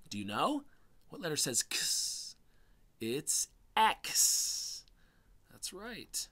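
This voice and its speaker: A man teaching a spelling lesson to young children, sounding out each letter slowly and encouragingly. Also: on the high side, huge pitch swings, bright, forceful tone. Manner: slow, exaggerated phonics sounds, encouraging.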